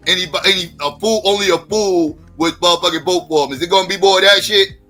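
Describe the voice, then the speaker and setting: A man's voice: sits high, fast talker, sharp tone, soft background music. Blunt, profane livestream host man. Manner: blunt, profane, challenging the audience. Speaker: live stream host. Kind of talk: casual livestream talk.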